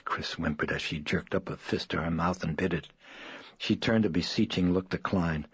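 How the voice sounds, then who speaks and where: A man reading an audiobook in a measured, somber way. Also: slightly rough, no room sound. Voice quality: very deep. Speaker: audiobook narrator. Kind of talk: scripted narration. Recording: dull dry studio read.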